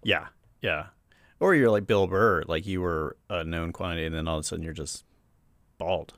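Gravelly, halting man on a podcast. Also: deep voice, a bit bright, dry recording, studio quality. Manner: halting, restarts often, playful impressions. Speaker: podcast host. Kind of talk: casual comedic chat.

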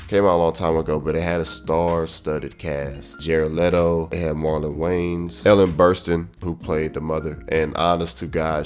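A man hosting his podcast in a loose, profane, joking monologue, his voice nasal and congested from a cold. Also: a bass voice. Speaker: podcast host. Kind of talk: casual monologue.

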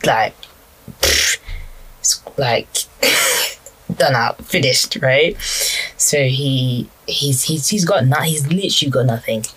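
A young man talks through his thoughts in a loose, reflective monologue. His voice has a breathy, husky edge, and he stumbles, restarts and circles back as he goes. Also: medium pitch, takes it slowly, fairly bright tone, low-quality recording. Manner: hesitant, rambling, many restarts and fillers. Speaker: speaker reflecting on personal prayers.

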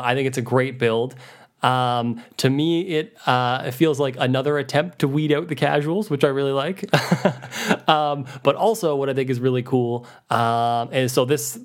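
Enthusiastic guitar-nerd man co-host. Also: mid-range voice. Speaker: podcast co-host. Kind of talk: casual music discussion.

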